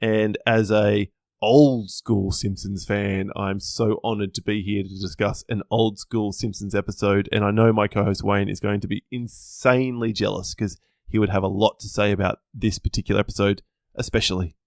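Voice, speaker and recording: An Australian man with a fairly low voice, talking as a podcast guest. He chats casually with a cheeky, self-deprecating humor and laughs easily. The sound is dry and close, with no room behind it. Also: little pitch movement, moderate pace, creaky, no echo. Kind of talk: casual chat.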